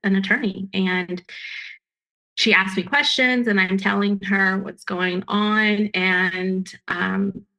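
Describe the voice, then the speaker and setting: A woman with a bright, forceful voice recounts her own experience. She speaks earnestly and emphatically and often breaks off and restarts her sentences. Her pitch sits in a middle range for a woman. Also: steady tone, takes it slowly, gravelly, low-quality recording. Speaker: guest sharing her story. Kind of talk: personal storytelling.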